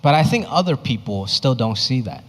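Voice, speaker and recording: A young man from Hong Kong doing a stand-up comedy set, telling animated stories and slipping into his family's voices. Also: mid-range voice, moderate pace. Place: live comedy stage before an audience. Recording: live show in a reverberant hall.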